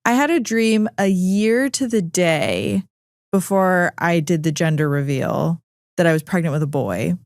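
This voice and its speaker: A woman hosting a podcast who chats casually and tells stories in an animated way, acting out the voices of the people she quotes. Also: on the low side, measured pace, no room sound, clean studio sound. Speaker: podcast host. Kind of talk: casual chat.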